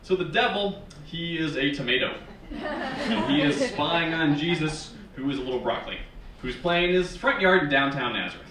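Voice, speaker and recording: A man in his thirties from Northern Virginia performing a stand-up comedy set in a wry, sarcastic, animated way, recorded from a distance on a small theater stage. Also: fairly high pitch, normal speed, crowd noise. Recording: echoey theater from far off. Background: live audience laughing.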